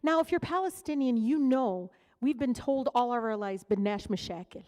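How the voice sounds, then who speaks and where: This middle-aged keynote speaker from Detroit, USA, has a high, mellow voice with lively intonation and an ordinary pace. Her talk is candid and conversational, full of personal stories, fillers and asides, echoing with the long reverb of a big hall.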